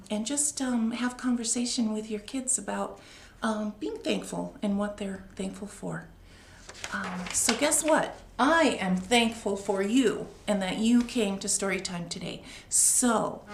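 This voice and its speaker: A woman librarian reads a picture book to young children at a very slow, expressive pace. Her slightly high voice carries a gravelly grain. The sound is echoey, with faint noise underneath. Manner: slow, expressive, warm read-aloud delivery.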